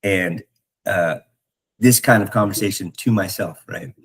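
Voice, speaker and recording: A man talking earnestly in a reflective spiritual talk, halting with many restarts and fillers. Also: deep voice, husky, poor audio. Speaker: podcast host.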